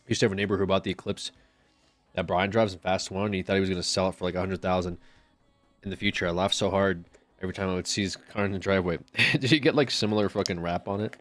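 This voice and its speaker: A man's voice: low voice, steady tone, fast talker, fairly bright tone, no room sound, soft background music. Rambling, profane male streamer. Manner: rambling, profane, joking banter with chat. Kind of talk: casual live-stream chat.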